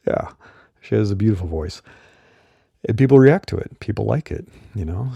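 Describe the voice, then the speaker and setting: Middle-aged man, deep husky voice, dark tone, chatty podcast host on a dry close condenser mic. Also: no room sound. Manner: relaxed, chatty, with fillers and laughs. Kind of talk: casual solo podcast talk. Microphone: studio condenser mic.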